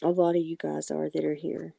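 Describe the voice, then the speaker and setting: Woman doing a late night card reading stream, gravelly fry, soft and sweet with the chat, keeps saying sorry. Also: low voice, level tone, brisk, dry recording. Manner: soft-spoken, affectionate, calls viewers sweetie and honey; apologetic and reassuring. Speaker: livestream tarot and oracle card reader.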